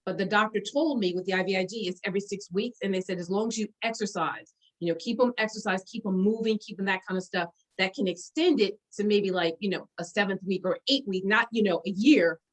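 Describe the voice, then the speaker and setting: A woman in her forties telling old stories in a casual conversation, animated and often breaking into laughter, with lots of fillers. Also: mid-range voice, a little fast, hardly any pauses, rough recording. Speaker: guest sharing memories.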